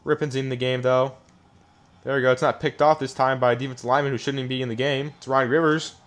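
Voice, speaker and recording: A young man talks over his football video game as he plays it, mid-pitched and casual. He complains and rants a lot, and his voice swings from low grumbling to loud outbursts. He records on a desk mic. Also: little pitch movement, fast. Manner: frustrated, ranting, swings between muttering and yelling. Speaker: gaming YouTuber. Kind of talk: live gameplay commentary. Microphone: desk microphone.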